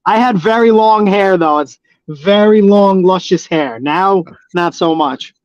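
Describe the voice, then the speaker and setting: A man's voice: high voice, a little slow, a little mellow, no echo, lo-fi sound. A man, a professional wrestler, telling stories in a casual interview, rambling with many fillers and restarts.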